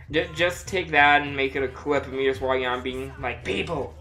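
A woman's voice: extremely low pitch, moderate pace, bright, forceful tone, soft background music. A woman chatting casually on a gameplay livestream while feeling sick with a dry throat, giggling often and mocking herself. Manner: giggly, self-mocking, frequent laughter and exclamations.

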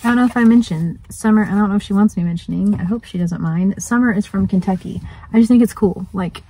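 A woman's voice: medium pitch, quick pace, warm tone, a little hiss or hum, rough recording. A woman vlogging outdoors by a lake, chatting and gushing, sometimes dropping to a whisper. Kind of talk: casual chat.

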